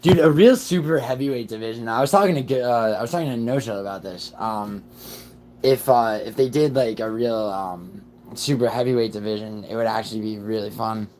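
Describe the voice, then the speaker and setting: Sick, raspy-voiced man streaming casually. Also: on the low side, fairly quick, a little mellow, a little hiss or hum, low-quality recording. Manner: rambling, profane, restarts often. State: sick, rough voice. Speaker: livestream host. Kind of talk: casual livestream chat.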